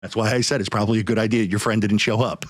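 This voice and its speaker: A man's voice: on the low side, fairly even intonation, very fast, dry recording, clean studio sound. A podcast host man ranting in anger, swearing heavily as he talks. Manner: angry, profane, heavy swearing. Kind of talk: heated podcast rant.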